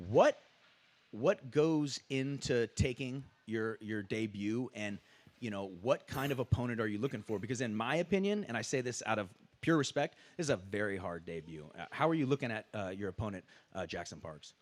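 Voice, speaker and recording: A man's voice: lowish voice, expressive, normal speed. A man who commentates fights, moderating a press conference and asking fighters questions in a chatty, enthusiastic way with lots of fillers.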